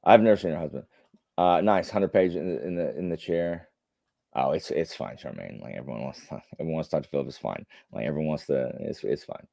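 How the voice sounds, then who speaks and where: With an extremely low pitch, a dark tone, and vocal fry, this man talks fast while hosting a live stream. He chats casually and answers viewer comments, rambling through fillers and blunt opinions. The sound is clean studio audio with no room sound.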